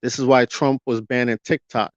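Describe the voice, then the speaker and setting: Speaking at a normal pace in a steady, medium-pitched voice, this vlogger delivers a heated commentary monologue. He peppers his viewers with rhetorical questions and stretches words for effect, and the recording is dry, dull and lo-fi.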